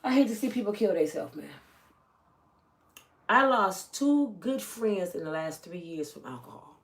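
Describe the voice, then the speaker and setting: Speaking unhurriedly in a mid-range voice, a middle-aged woman shares a personal story with her vlog audience. Her delivery is animated, dropping from loud to hushed as she performs the voices of the people she quotes.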